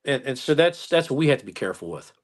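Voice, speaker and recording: Calm-talking man, a police officer. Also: mid-range voice. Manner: calm, unhurried storytelling. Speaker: police officer, interview guest. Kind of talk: casual chat.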